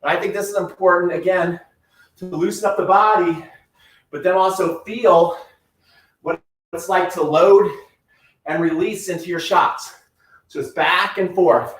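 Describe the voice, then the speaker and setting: Upbeat male tennis coach, high voice, live home workout, distant mic in an echoey room. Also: fairly even intonation, unhurried, pauses often. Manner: upbeat, coaching while exercising. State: breathing heavily at times.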